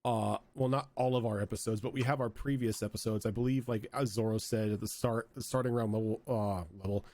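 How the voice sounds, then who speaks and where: A man's voice: on the low side, steady tone, brisk, hardly any pauses, a little mellow. A man hosting and running a tabletop game, wrapping up a session in casual, rambling chat. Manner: chatty, rambling with fillers. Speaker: game master and host.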